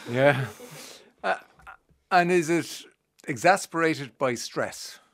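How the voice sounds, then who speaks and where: A man's voice: fairly high pitch, takes it slowly. A man hosting a radio show, laughing easily and stumbling over his words. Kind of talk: radio interview.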